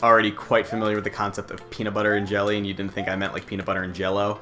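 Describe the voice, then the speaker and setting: A man's voice: fairly low pitch, completely flat delivery, rapid-fire, bright, forceful tone. A young American man casually commenting on a video game as he plays, rambling and swearing with joking asides. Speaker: let's play host. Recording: game music playing under the voice.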